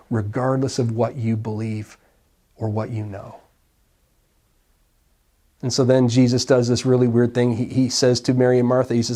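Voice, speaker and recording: A male pastor giving a sermon in a conversational, storytelling way, often dropping to quiet, soft lines. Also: mid-range voice.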